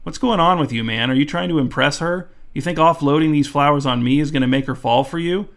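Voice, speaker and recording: A man's voice: fairly high pitch, fast, fairly bright tone. A man voicing an irritable, affronted stranger in a park, read in a storybook style. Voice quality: brusque, affronted.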